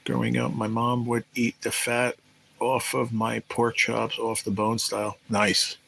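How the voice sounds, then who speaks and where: A man's voice: mid-range voice, completely flat delivery, measured pace, creaky, a bit bright, slight background noise, poor audio. A man hosting a live stream, chatting casually with viewers, telling rambling, profane stories about his days as a restaurant cook. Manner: rambling, profane, reads chat aloud. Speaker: livestream host. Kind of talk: casual live chat storytelling.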